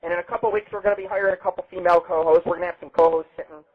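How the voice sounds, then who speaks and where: Loud-mouthed guy hosting a webcast radio show, husky kinda high voice, swears nonstop, sounds tinny like a phone line. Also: fairly even intonation, very fast. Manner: brash, boastful and heavily profane. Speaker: host of a live internet radio show. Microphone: webcam setup.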